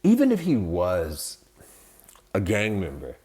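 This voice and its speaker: Man, low voice, podcast host, heated and profane, rambling rant. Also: huge pitch swings, slow pace, darkish tone. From United States. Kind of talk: casual political commentary.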